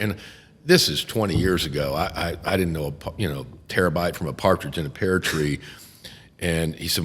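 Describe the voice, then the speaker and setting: Older man, seasoned trial attorney; deep, cursing, animated raconteur; reverberant room sound. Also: fairly quick, breathy edge. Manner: profane, animated storyteller who acts out courtroom voices. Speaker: criminal defense attorney, podcast host. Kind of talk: casual storytelling chat.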